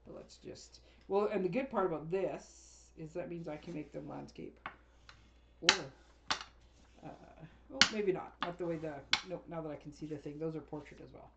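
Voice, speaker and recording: A woman's voice: deep voice, normal speed, very noisy. A woman craft demonstrator chatting casually as she unboxes and sorts a paper craft kit, rambling and often laughing.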